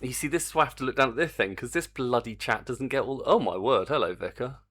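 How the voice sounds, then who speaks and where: A man's voice: mid-range voice, fast, fairly bright tone, slight background noise. An older man, chatting casually on a live stream while he works on a game, reading the chat aloud and swearing mildly.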